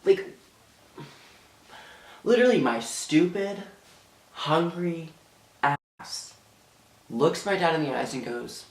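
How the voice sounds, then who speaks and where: A man's voice: fairly high pitch, expressive, slow pace, vocal fry, pauses often. Rambling teen boy telling a story. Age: teens. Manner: dramatic, rambling, many fillers. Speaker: vlogger. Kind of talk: storytime vlog. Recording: echoey room.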